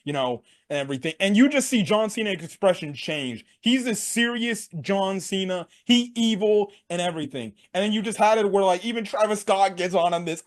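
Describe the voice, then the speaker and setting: A young man casually recapping a wrestling event for his sports channel, slangy and excitable, laughing and acting out what people said. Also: high voice, moderate pace. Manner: excitable, slangy, laughs a lot, acts out quotes. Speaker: sports commentary vlogger.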